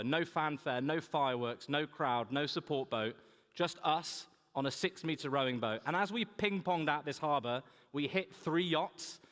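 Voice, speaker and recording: Young male keynote speaker, humorous storyteller, fairly high voice, reverberant hall sound. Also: fairly bright tone. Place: large conference hall.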